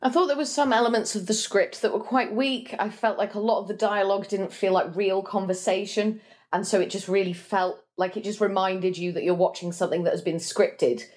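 A woman gives her opinions in a relaxed film discussion. Her voice sits in the middle range, and she talks in an easy, offhand way with plenty of filler words. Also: medium pitch, brisk. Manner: casual, with frequent "like" and "you know". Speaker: podcast panelist.

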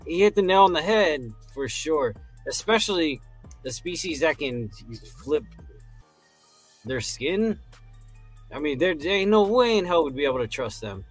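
Lively-pitched man on a podcast. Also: soft background music. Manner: loose, swearing, quick reactions. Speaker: podcast co-host. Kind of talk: casual recap chat.

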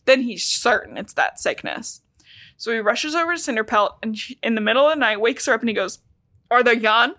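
Bright, chatty young woman. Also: fairly high pitch, expressive, dry recording. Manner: chatty, fast, frequent "like" and laughs. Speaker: podcast host. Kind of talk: casual book recap chat.

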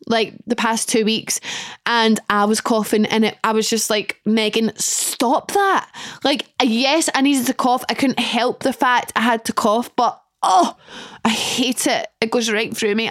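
A young woman with a Scottish accent, hosting a podcast in casual, animated, self-mocking solo chat. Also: a little high, dry recording, studio quality. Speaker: podcast host.

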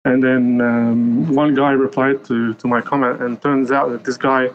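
Male caller, lebanese parisian accent, mid-pitched voice, chatty, laughs easily. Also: flat delivery, a little slow, highs cut off. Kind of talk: phone-in chat.

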